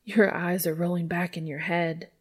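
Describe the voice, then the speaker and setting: A woman voicing a confident, teasing woman in a story reading, speaking slow and hushed. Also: fairly low pitch, flat delivery, breathy edge. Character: confident adult woman, teasing dominant lover.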